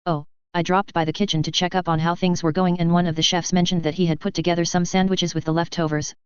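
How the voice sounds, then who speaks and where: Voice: medium pitch, little pitch movement, fast talker, clear, resonant tone, no room sound, muffled recording, close to an everyday voice. A narrator voicing an exuberant, scheming schoolgirl, cheerful and teasing in a sing-song way.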